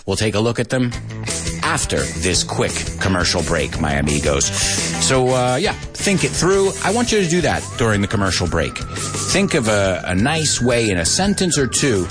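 A man hosting a casual live English lesson, joking and laughing a lot and dropping into Spanish asides. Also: lowish voice. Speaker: English teacher and show host.

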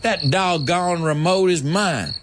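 A man's voice: high-pitched, takes it slowly, background noise, voice pushed up. A man voicing a stubborn, blustering cowboy with a Southern US accent, drawling and insistent.

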